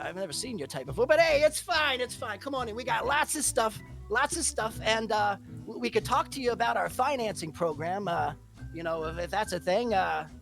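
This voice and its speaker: A man's voice: sits high, vocal fry, pitched above the performer's own voice, heavily acted. A man voicing an eager male halfling shopkeeper with a New Jersey accent and pushy salesman patter. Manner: excitable, fast-talking salesman patter.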